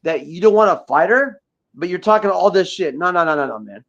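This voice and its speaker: A man's voice: sits high, animated, brisk, creaky, a bit bright. A man guest on a livestream, ranting profanely and combatively with lots of repeated words. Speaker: guest rapper. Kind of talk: livestream rant. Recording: dull lo-fi audio.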